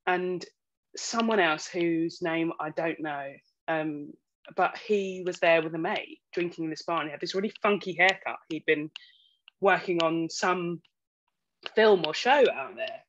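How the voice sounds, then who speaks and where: A woman who works as an actor, a guest on a casual podcast, telling stories in an animated way and laughing often. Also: fairly low pitch, unhurried. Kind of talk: casual interview chat. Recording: slightly dull, faint noise.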